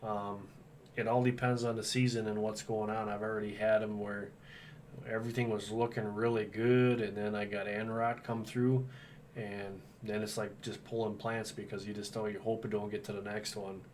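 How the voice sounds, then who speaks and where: A man's voice: fairly low pitch, level tone, moderate pace, darkish tone. A man from Wisconsin hosting a homesteading livestream, talking in an easygoing, rambling way. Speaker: homestead channel host. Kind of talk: casual livestream chat. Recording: distant mic with faint background noise.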